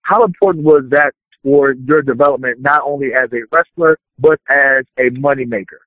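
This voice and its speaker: A man hosting a podcast interview, asking long, measured questions with some filler "uh"s. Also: medium pitch, dry recording. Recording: dry, phone-like narrow sound.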